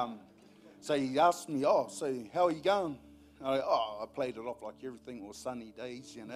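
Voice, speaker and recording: A man with a New Zealand accent giving a casual personal testimony in a church service, telling a story with frequent laughs. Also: mid-range voice.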